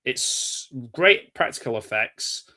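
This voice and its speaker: A man's voice: medium pitch, lively intonation, takes it slowly, bright, forceful tone. An English man hosting a casual live chat about films, rambling and hesitant, with many fillers and restarts. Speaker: show host.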